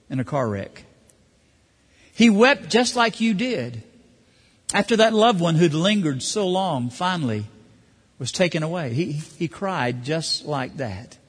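A man preaching a sermon, animated, acting out the voices of the people he quotes. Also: a little high, husky. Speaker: pastor. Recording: hall reverb.

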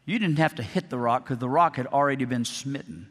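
A preacher acts out God as a stern, fatherly voice in a sermon story. The tone stays low and measured, a touch bright, with a long reverb trailing behind. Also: lightly acted. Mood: gently scolding.

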